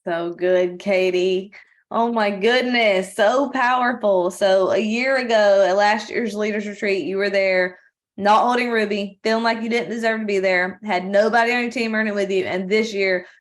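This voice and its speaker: A woman's voice: mid-range voice, steady tone, moderate pace. A woman hosting a company video call, praising and encouraging a speaker in an effusive way.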